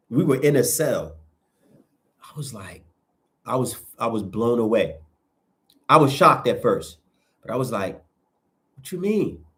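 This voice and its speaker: A man telling a personal story in casual talk, acting out the quoted lines with many restarts. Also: fairly low pitch. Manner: animated, acts out quoted dialogue, frequent restarts. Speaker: storyteller recounting events.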